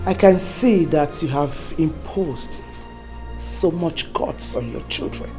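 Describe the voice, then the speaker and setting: A woman's voice: low-pitched, takes it slowly, dark tone, faint music behind. A woman playing a protective royal mother who defends her son, firm, with a Nigerian accent. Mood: warning.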